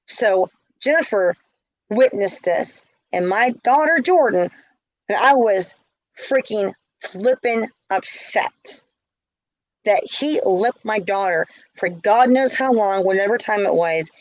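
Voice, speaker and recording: A woman's voice: mid-range voice, animated, slow pace, no room sound, poor audio. A middle-aged woman telling a story in a casual vlog, heated and indignant. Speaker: vlogger.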